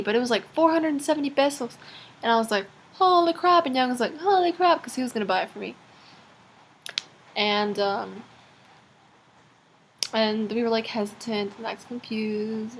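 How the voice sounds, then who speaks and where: A woman's voice: fairly high pitch, breathy edge. A teenage girl rambling through a casual video diary, chatty and full of fillers. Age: teens. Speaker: vlogger.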